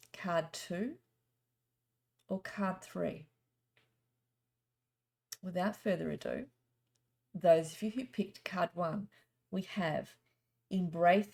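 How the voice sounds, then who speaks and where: A middle-aged woman works as a psychic, chatting through stories and a card reading. She talks in a rambling, gently spiritual way. Her voice sits low and has a gravelly edge. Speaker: psychic reader. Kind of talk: casual storytelling and card reading.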